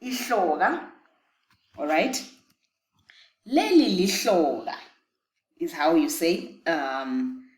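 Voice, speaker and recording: Woman, unhurried language teacher, slightly low voice, roomy echo. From Zimbabwe. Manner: patient, repeats words for learners to echo. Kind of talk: slow vocabulary lesson. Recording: echoey room.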